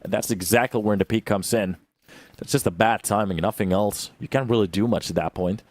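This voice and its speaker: A young man giving live play-by-play commentary on an esports match, swinging from calm analysis to loud bursts of excitement. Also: fairly quick, no echo. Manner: calm analysis that jumps to loud, high-pitched excitement on big plays. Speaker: esports caster.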